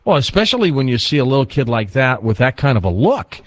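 A man hosting a late-night call-in radio show, talking in a relaxed, chatty way with callers. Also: medium pitch, fast talker. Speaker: radio talk show host.

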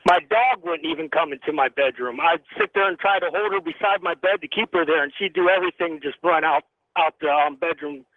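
A man's voice: a little high, brisk, no echo. Earnest male caller on a tinny phone line. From Tennessee. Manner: earnest, steady storytelling with frequent ums. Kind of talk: phone-in ghost story.

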